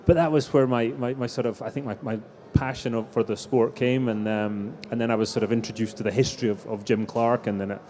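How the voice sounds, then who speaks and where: Middle-aged guy on a live stage, mellow voice, rambling racing stories w restarts. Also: mid-range voice, fairly even intonation, a little fast, hardly any pauses, a little hiss or hum. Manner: anecdotal storytelling, frequent restarts. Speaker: racing driver guest.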